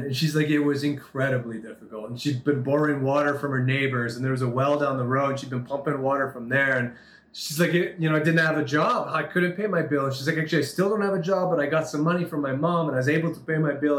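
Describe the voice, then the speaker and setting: A man's voice: a little high, a bit bright. Earnest preaching man, roomy echo. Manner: earnest, retells dialogue with shifting emphasis. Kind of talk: sermon with storytelling. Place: Turkey.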